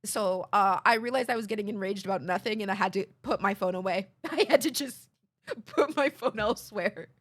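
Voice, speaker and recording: A woman's voice: medium pitch, fairly quick. A young woman streamer chatting casually with her viewers, rambling, swearing and laughing at herself. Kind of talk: casual chat with chat.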